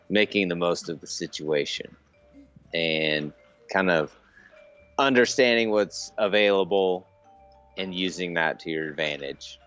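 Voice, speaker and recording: A man's voice: deep voice, a bit bright, dull audio. A man guesting on a show, chatting casually and giving earnest advice. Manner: jokey, slips into mock accents, then earnest advice. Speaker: guest angler. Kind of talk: casual interview chat.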